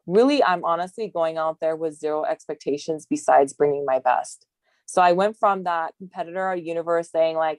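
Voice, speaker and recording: A woman's voice: low-pitched, normal speed, darkish tone, no room sound. A woman from Hawaii, a bodybuilding competitor, chatting as an interview guest, rambling and laughing, tired. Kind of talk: casual interview talk.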